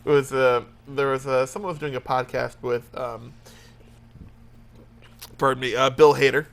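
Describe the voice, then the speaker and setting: A man's voice: medium pitch, level tone, measured pace, vocal fry. A young man co-hosting a casual comedy chat, laughing easily and teasing his co-host.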